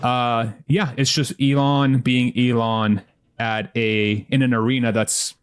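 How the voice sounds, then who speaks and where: A man's voice: medium pitch, flat delivery, slow pace, clear, resonant tone. A man co-hosting a podcast, thinking aloud in a reflective, casual way with frequent restarts. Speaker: podcast co-host.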